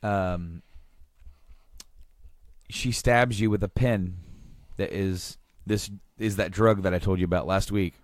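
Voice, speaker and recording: A man's voice: sits low, fairly even intonation, slow, long pauses, no room sound. A man hosting a podcast, recapping with rambling, enthusiastic casual chat and many restarts. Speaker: podcast host.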